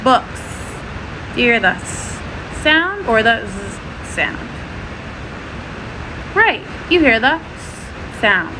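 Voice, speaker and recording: A woman teaching a first-grade phonics lesson, sounding out letters and words slowly and clearly. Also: a little high, sing-song, background noise.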